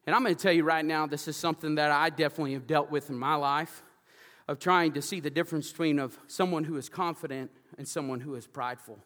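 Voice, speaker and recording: High-voiced energetic man preaching. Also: fast, in a large hall. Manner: energetic storytelling preaching, loud and animated. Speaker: pastor. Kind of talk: sermon. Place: church sanctuary.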